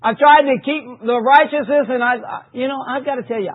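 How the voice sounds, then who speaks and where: A man preaching a sermon, reading scripture emphatically and dropping low for asides. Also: brisk, hardly any pauses. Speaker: pastor. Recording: tinny phone-like recording.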